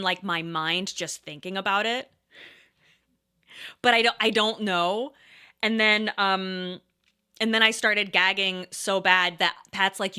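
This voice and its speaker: A woman in her thirties casually telling a rambling story, pausing and restarting often and breaking into laughs. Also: medium pitch, bright, forceful tone, clear, resonant tone. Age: 30s. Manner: hesitant, rambling, laughing often, quotes herself and others.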